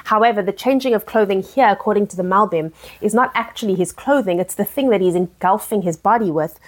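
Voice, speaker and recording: Woman teacher, mid-pitched, earnest text-study lesson, reads lines then explains, lots of restarts. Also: quick pace.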